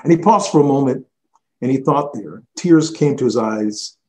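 A man preaching a sermon, telling a story with frequent restarts and repeated "he said", then leading a quiet closing prayer. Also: medium pitch, normal speed, rough recording. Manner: storytelling, rising to excited shouting when quoting, then hushed in prayer. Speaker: pastor. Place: church broadcast.

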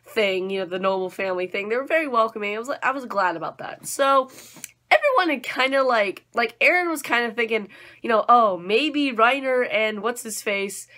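A young woman with a bright, sharp voice pitched a little high chats through an anime episode review. She is bubbly and excitable, piling on "like" and "um" as she goes. She talks casually, as if to friends. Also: brisk.

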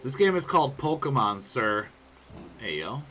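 A man streaming himself playing a video game, swearing a lot and swinging from low mutters to loud outbursts at the game. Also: very animated, moderate pace. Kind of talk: casual live gameplay commentary. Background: game music.

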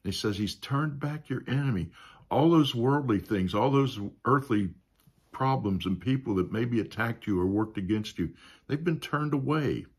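A man's voice: medium pitch, expressive, normal speed, husky. A man teaching a Sunday school Bible lesson in a conversational way, often adding "you know" and asking the class questions.

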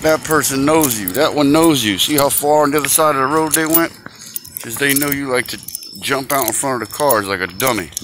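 Everyday man, mid pitch, crude teasing chatter to a dog, outdoor phone mic with steady noise. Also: a little fast. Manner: crude, teasing, swears a lot. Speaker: dog owner filming a walk. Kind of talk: casual filmed chatter to a dog. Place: outdoors on a roadside walk. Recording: noisy outdoor phone recording.

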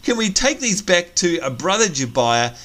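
A man's voice: high voice, sing-song, normal speed, pushed and bright. A man hosting a let's play, chatting casually and joking as he plays. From Australia. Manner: chatty, jokey, thinks aloud. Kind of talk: casual gameplay commentary.

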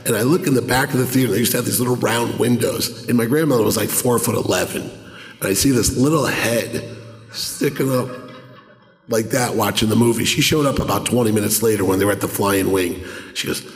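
A middle-aged man telling a lively story on a convention panel, acting out the voices of the people in it. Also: lowish voice, fairly quick. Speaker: podcast panelist. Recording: echoey hall, roomy reverb.

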